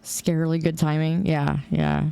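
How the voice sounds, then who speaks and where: A woman's voice: sits low, level tone, measured pace, vocal fry, mellow, a little hiss or hum. A young woman streaming a shooter game, chatting casually with her chat and laughing often. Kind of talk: casual chat while gaming.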